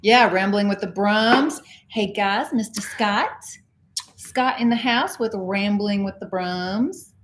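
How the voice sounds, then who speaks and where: A woman's voice: mid-range voice, takes it slowly, a little hiss or hum. A middle-aged woman from Texas co-hosting a casual cruise livestream, chatting and greeting viewers by name. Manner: chatty, reads out viewer comments and greets them. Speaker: co-host of a cruise channel livestream.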